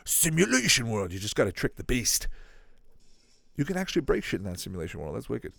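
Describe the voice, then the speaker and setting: Male reaction host, lively rising and falling voice, dry close sound, excitable, chats to viewers. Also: on the low side, vocal fry, dry recording. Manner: excitable, thinking aloud, quick reactions; asks the viewers questions. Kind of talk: casual live commentary while watching a video.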